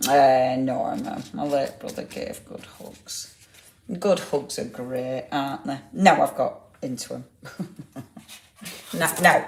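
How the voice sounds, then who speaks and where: Middle-aged woman, low voice, chatty craft-demo host reading viewer comments; echoey room, faint hiss. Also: a little mellow. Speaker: craft demonstrator hosting a live stream. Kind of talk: casual live craft demonstration.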